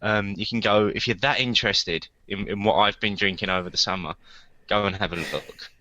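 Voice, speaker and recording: A man's voice: lowish voice, a little fast, pushed and bright, dry recording. A man co-hosting a casual podcast chat, talking hesitantly with many ums and repeated words. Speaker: podcast co-host.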